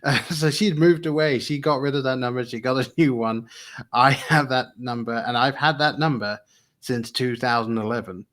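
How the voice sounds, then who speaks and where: A man's voice: medium pitch, steady tone, moderate pace, a bit bright. A man with an English accent, co-hosting a podcast and telling a story in casual chat, laughing often as he talks. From England. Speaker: podcast co-host.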